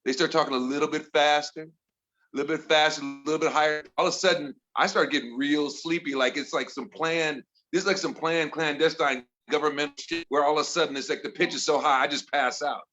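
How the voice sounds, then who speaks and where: A middle-aged man from Chicago doing a stand-up set, telling exasperated stories about his home life and mimicking his family in higher voices. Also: fairly even intonation, brisk, bright, forceful tone, dull audio, faint music behind. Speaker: stand-up comedian. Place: comedy bar with audience.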